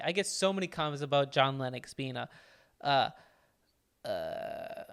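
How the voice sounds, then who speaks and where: A young man reacting to a video with gushing, excitable commentary. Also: medium pitch, unhurried, long pauses, smooth. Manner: excitable, gushing, exclaims loudly. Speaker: channel host reacting to clip.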